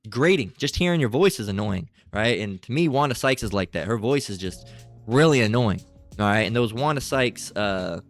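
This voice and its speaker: A man's voice: fairly low pitch, expressive, moderate pace, soft background music. A middle-aged man in a crude, profane, rambling commentary, reading text aloud and asking "right?" a lot. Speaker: channel host.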